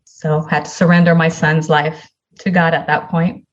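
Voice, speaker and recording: Low-voiced woman telling her story. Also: little pitch movement, moderate pace, muffled recording. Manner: earnest, acts out dialogue from her story. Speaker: podcast guest. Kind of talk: personal storytelling.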